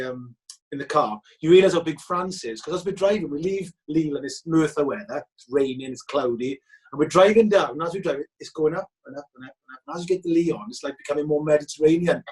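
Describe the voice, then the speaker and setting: A man's voice: a little high, rough recording. A Welsh man telling football-trip stories in casual chat, acting out the voices of the people he quotes. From Wales. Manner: animated, acts out quoted voices. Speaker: guest.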